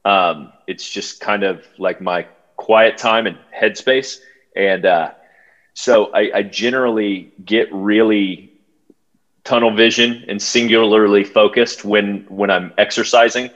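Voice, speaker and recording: A man, a podcast guest telling a story in a halting way, full of fillers and restarts. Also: fairly low pitch, fairly even intonation, fairly bright tone. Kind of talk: casual storytelling. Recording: dull lo-fi sound.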